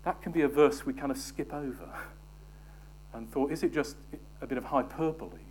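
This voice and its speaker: Man preaching, emphatic then hushed. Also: mid-range voice, normal speed, a little hiss or hum. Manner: swings from emphatic scripture reading to soft, near-whispered asides; engages the congregation with questions. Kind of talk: sermon.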